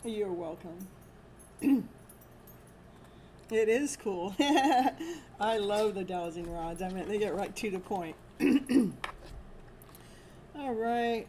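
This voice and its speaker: A woman's voice: mid-range voice, warm tone, poor audio. A woman hosting a live tarot stream from home, chatting casually and laughing often. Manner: slow, chatty, laughs often, baby-talks to her dog. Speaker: tarot reader and livestream host. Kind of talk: casual livestream chat. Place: at home with a dog. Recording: noticeable background noise.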